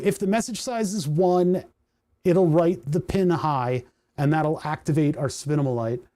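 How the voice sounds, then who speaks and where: A man with a fairly high but mellow, relaxed voice talks through his code on a livestream. He thinks aloud, corrects himself as he goes and admits when he is unsure. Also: dry recording. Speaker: streamer coding a hardware project. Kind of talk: casual livestream coding commentary.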